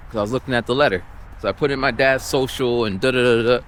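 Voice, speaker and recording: A man ranting and telling a story while walking outdoors, exasperated and animated. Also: mid-range voice, fast, a little hiss or hum. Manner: exasperated, animated, acts out the people he quotes. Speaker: vlogger.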